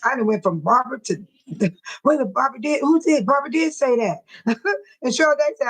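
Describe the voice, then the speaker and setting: A woman with a high, bright-pitched voice hosts a casual live stream. She reads viewers' comments aloud in loose, slangy speech and keeps breaking into laughter. Her talk is aimed straight at the audience. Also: expressive, a little fast, pauses often, husky, rough recording. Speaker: livestream host reading the chat.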